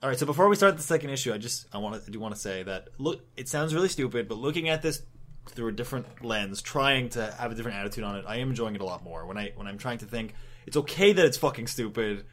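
Man co-hosting a podcast, mid-pitched, rambling and profane, casual recap chat. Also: expressive, fast, a bit bright. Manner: rambling, swears, acts out quotes. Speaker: podcast co-host.

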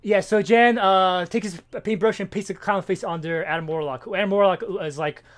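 A man in casual chat, retelling a comic's plot in a rambling, animated way with many fillers and restarts. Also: high-pitched, normal speed. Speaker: comic book podcast co-host.

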